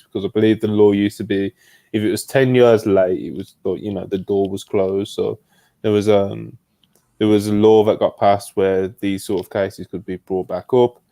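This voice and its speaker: British guy hosting a podcast over a call, low mellow voice, chill, says bro a lot. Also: little pitch movement, moderate pace, gravelly, dry recording. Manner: laid-back, peppers talk with "bro" and "man". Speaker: podcast host. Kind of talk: casual chat. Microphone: remote streaming call.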